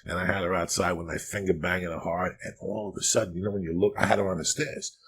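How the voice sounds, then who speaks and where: A man from Cuba, a podcast host, telling crude comic stories in a profane, rambling, animated way. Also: sits low, quick pace, breathy edge.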